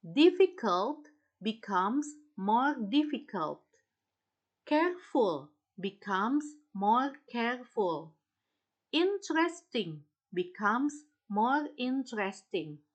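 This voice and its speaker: Indonesian accent woman teacher, talks slow, pitch goes up and down a lot, switches back to indonesian to explain. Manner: slow, explains in English then repeats in Indonesian. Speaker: English teacher. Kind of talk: recorded classroom lesson.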